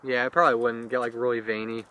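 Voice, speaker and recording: A man's voice: mid-range voice, level tone, fast talker, sharp tone. A young man co-hosting a casual podcast chat, rambling through explanations with many fillers. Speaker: podcast co-host.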